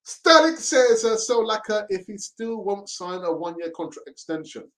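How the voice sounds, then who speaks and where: A man hosts a casual live stream on a fan channel, reading chat messages aloud and laughing as he mockingly imitates pleading voices. His voice is high and a little mellow, at a moderate pace.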